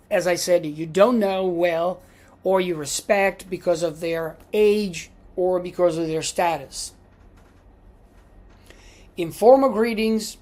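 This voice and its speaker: A woman's voice: lowish voice, dark tone. A woman giving a classroom lecture as a language teacher, patiently repeating each example.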